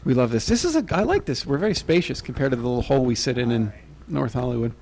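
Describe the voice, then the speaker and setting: A man co-hosting a podcast, talking crudely and excitably as he reminisces. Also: medium pitch, fast talker, creaky, slight background noise. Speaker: podcast co-host. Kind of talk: casual studio chat. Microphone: studio mic.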